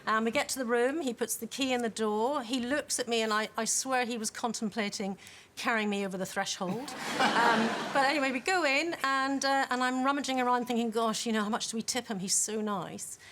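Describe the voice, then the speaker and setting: A woman from Northern Ireland, an audience member telling a funny anecdote in a lively, scene-setting way. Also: fairly high pitch, fairly quick, slight background noise. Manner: lively, storytelling, plays out small scenes. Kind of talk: anecdote told on stage.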